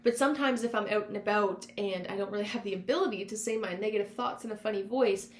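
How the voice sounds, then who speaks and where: A woman's voice: medium pitch, fast. A woman hosting a self-help podcast, talking in an encouraging, conversational coaching manner, drawing on her past work as a counselor. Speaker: podcast host; former counselor. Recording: roomy echo with faint hum.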